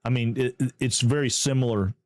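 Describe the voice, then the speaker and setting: A man from Georgia with a Southern American accent chats through a live game stream. He talks in a friendly, rambling way and greets viewers excitedly, with his pitch in an everyday middle range. The close microphone leaves his voice dry, with no room sound. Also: a little fast, no room sound. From Georgia, USA. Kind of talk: casual live-stream chat.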